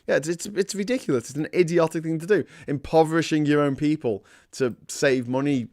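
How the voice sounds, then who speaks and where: A man's voice: fairly high pitch, brisk, a little mellow. A man hosting a casual livestream, rambling and self-deprecating, full of fillers and restarts. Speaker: host.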